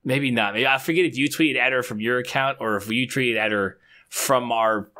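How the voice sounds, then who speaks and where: Male podcast co-host in his thirties, bright, forward voice, easy offhand chatter. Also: mid-range voice, normal speed. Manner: chatty, offhand, swears casually. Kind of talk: casual chat.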